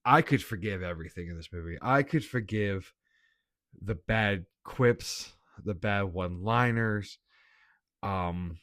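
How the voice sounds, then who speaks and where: A man's voice: lowish voice, a little slow, a bit bright, no echo, clean studio sound. A man giving a casual, blunt movie review, laughing often and swearing.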